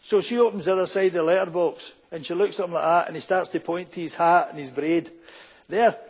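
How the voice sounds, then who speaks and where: Husky Glaswegian man telling stand-up stories. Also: fairly high pitch, steady tone, fast. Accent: Glaswegian Scottish. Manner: anecdotal, acts out quoted characters in broad local dialect. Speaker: stand-up comedian, former policeman. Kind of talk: live stand-up storytelling. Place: town hall stage before a full house.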